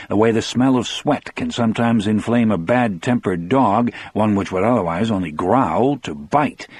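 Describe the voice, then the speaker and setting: Husky man narrating an audiobook. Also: fairly low pitch, a little mellow, no room sound. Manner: brooding, confessional telling. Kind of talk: first-person audiobook narration.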